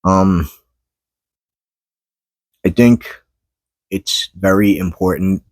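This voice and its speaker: A man talking unscripted to his camera, weary and halting, pausing to collect his thoughts and swearing when frustrated. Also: deep voice, dry recording. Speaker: vlogger. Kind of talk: unscripted personal monologue to camera. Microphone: camera mic.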